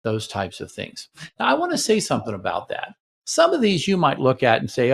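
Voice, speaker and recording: Casting note: middle-aged man, relationship therapist and host, mid-pitched, talks conversationally and acts out sample couple dialogues. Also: wildly swooping pitch, brisk, vocal fry, slightly rough. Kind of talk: teaching talk to camera.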